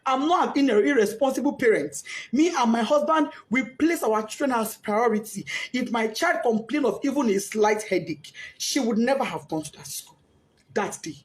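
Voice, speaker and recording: Distraught Nigerian woman, high and tearful. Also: lively intonation, normal speed. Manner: pleading, repeating herself with rising outbursts. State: crying, distraught. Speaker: grieving mother. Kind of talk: emotional testimony.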